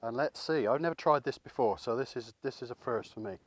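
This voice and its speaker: A man's voice: medium pitch, a little fast, slightly rough. A man from England hosting a home cooking video, talking casually and rambling a little as he cooks and tastes. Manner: chatty, rambling, self-deprecating. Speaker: cooking channel host.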